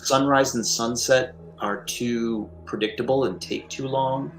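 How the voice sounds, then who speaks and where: A man talking through game design ideas on a live stream, measured and leaning on "you know" fillers. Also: medium pitch, fairly even intonation, echoey room, low-quality recording. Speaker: line developer and game designer.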